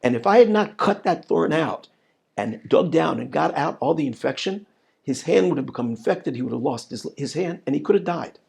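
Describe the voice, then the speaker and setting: A man's voice: fairly high pitch, lively intonation, brisk, gravelly, a little mellow, husky, full character voice. Stern father, as a rabbi puts him on. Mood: explaining. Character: stern father defending a painful cure.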